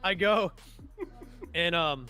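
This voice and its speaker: A young man telling army stories in casual chat, profane and laughing often, acting out shouting sergeants. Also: a little high, drawn-out words, clear, resonant tone. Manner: animated, acts out sergeants' shouts. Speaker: streamer and army veteran.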